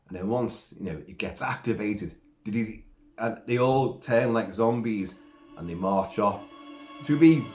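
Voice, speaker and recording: A man's voice: fairly low pitch, darkish tone. A sick man with a cough reviews a film in a rambling, casual way, full of asides and mild swearing. His voice rises and falls a lot. The room is echoey, with faint music behind him.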